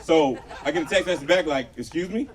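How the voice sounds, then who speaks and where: A man's voice: fairly high pitch, quick pace, recorded from a distance. A man doing a crude stand-up comedy set at an outdoor show, telling stories with voiced quotes and talking to the crowd. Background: crowd laughing.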